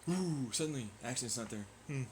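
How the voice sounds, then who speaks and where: A man's voice: medium pitch, lively intonation, a little fast, darkish tone, a little hiss or hum, poor audio. A man vlogging in a profane, sarcastic and taunting rant. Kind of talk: ranting monologue.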